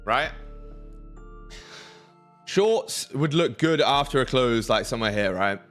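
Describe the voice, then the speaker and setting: Casual young streamer, hypes his chat, thinks aloud, soft music bed. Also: mid-range voice, expressive, slow pace. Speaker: trading livestream host.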